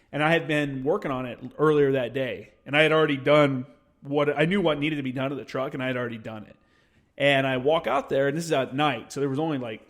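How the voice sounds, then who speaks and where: Male veteran, thirties, mid-pitched, casual and foul-mouthed podcast storyteller. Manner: profane, animated storyteller who acts out quotes. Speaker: podcast speaker, military veteran.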